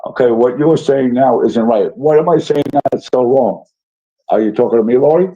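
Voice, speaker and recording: A man's voice: medium pitch, moderate pace, mellow. A man hosting a casual livestream, reading chat messages aloud and answering them in a rambling, apologetic way with many fillers. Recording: dull lo-fi stream audio.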